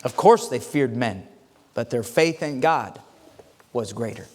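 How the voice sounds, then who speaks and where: A male pastor preaching a sermon, telling a joke story with lively swings from loud to quiet and frequent stammered restarts. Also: mid-range voice, a little slow. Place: church sanctuary. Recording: long reverb of a church hall.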